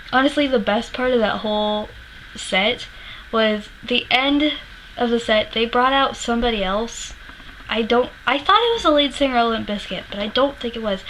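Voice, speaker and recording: A woman's voice: a little high, fairly bright tone, a little hiss or hum, low-quality recording. A woman vlogger animatedly retelling a personal story to camera, swearing freely and laughing as she goes, emotional while she remembers it.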